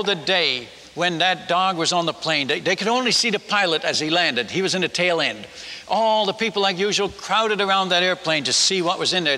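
A man, a missionary, telling a humorous story to a congregation in an animated, folksy way, chuckling at his own tales. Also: on the high side. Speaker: missionary speaker. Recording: long reverb of a large hall.

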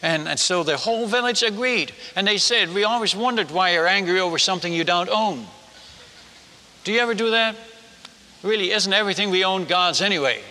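Older guy missionary preaching, pretty high voice, does all the voices, long echo from the hall. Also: brisk. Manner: animated, acts out quoted villagers. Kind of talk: sermon illustration storytelling. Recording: reverberant hall.

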